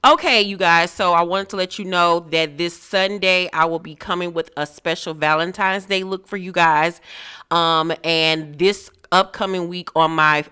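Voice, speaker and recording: A woman's voice: lowish voice, fairly even intonation, moderate pace, sharp tone, clean tone. A woman hosting a casual recap of a reality show, chatty, sassy and blunt.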